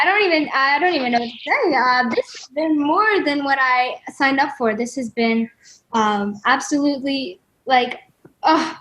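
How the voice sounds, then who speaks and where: A woman's voice: high voice, fairly bright tone, rough recording. A woman musician as guest in a casual live video-call chat, talking in an effusive, gushing way that often turns emotional.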